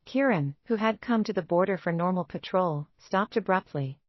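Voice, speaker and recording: A narrator with a lower female voice tells a romance story in the first person, steady and dramatic, at a normal pace. The recording sounds dry and slightly dull, lo-fi, with no room sound.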